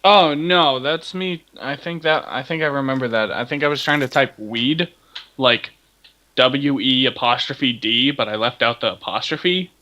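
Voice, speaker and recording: A man's voice: medium pitch, unhurried, sharp tone. A man co-hosting a casual gaming podcast, easygoing and playful. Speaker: podcast co-host. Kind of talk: casual chat.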